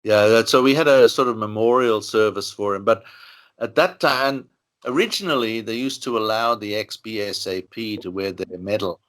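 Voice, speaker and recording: A man's voice: lowish voice, moderate pace, fairly bright tone. An older man from Ireland, an interviewee, telling long stories in a rambling way with many "you know" asides. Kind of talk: relaxed storytelling interview.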